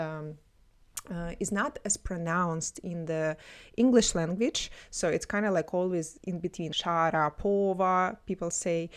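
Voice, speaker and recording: Woman doing a lesson vlog, bit low voiced, casual, says um a lot. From Russia. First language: Russian. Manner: explanatory, casual, many filler ums. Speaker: language teacher.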